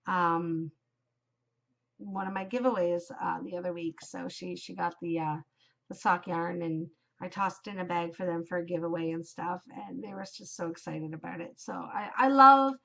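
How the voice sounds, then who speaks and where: A woman's voice: mid-range voice, gravelly, fairly bright tone, muffled recording. A middle-aged woman from Canada hosting her own podcast in a casual, chatty, upbeat way, with frequent ums. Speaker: podcast host. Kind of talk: casual solo podcast chat.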